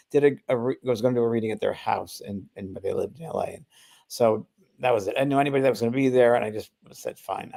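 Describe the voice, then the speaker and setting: Older man, medium, gravelly voice, dark tone, rambling casual storytelling. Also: mid-range voice. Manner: rambling, many restarts and fillers, acts out quoted voices. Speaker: spiritual medium, podcast guest storyteller.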